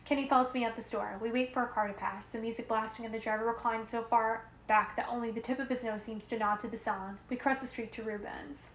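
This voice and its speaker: A woman reading a novel aloud in the first person at home, steady with small self-corrections. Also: on the high side, fast talker, few pauses. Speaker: reader. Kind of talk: amateur audiobook reading of a novel. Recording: roomy echo with faint noise.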